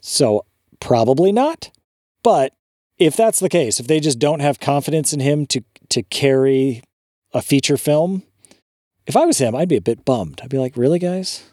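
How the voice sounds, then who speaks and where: Podcast co-host, male, incredulous ranting, swears, dry close sound, mid pitch. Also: expressive, moderate pace, warm tone, dry recording. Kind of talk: casual chat.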